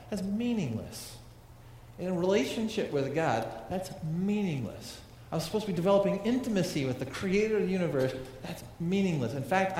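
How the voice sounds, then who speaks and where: Man, pastor, sermon, fairly high voice, conversational preaching, echoey hall, long reverb. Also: a little mellow, a little hiss or hum. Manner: conversational preaching, asks the congregation questions.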